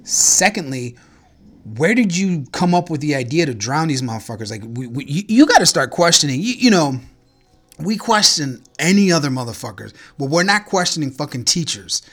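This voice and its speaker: A man's voice: a little high, sing-song, normal speed, fairly bright tone, soft background music. A man hosting a podcast in casual chat, ranting in a profane, incredulous way about strange news stories. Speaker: podcast host.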